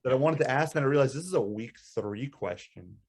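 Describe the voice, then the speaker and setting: A man's voice: mid-range voice, lively intonation, a little fast, slightly rough. A man co-hosting a casual chat show, rambling and teasing, swearing freely. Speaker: podcast co-host.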